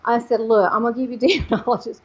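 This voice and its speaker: A psychic medium appears as a guest on an interview show, telling a personal story with animation and voicing the people she quotes. She talks fast in a slightly high voice with a breathy edge, and the recording's highs are cut off.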